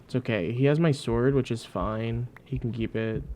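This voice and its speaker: A man narrating his own gameplay in an exasperated, rambling way, repeating himself and addressing the people watching. His voice sits in an ordinary middle register, and he keeps breaking into loud, indignant yells. A faint hiss sits under the recording. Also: medium pitch, fairly even intonation, normal speed. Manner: repeats phrases, talks to viewers. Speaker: gamer, channel host. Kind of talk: let's play commentary.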